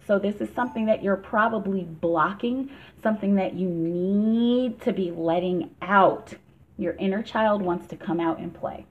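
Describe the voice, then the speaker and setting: A woman's voice: mid-range voice, measured pace. A woman giving a casual tarot reading for a vlog, chatty and emphatic, laughing often. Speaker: tarot reader. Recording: tinny phone-like sound.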